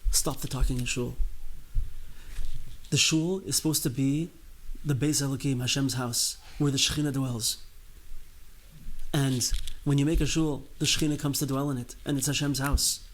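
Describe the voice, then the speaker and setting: A man's voice: mid-range voice, steady tone, moderate pace, slight background noise, poor audio. A man giving a sermon as a rabbi, earnest and emphatic, repeating phrases as he builds his point.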